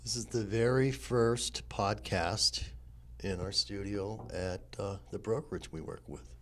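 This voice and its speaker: Low-voiced man, dry co-host. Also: unhurried, a bit bright, a little hiss or hum. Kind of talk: casual podcast chat. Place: small office studio.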